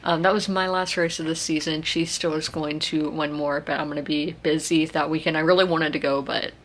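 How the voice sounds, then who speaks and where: A woman's voice: sits low, steady tone, a little fast, a little hiss or hum. A woman, chatting casually in a rambling vlog. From South Carolina. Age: 20s. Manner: rambling, chatty, many fillers and restarts. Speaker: vlogger.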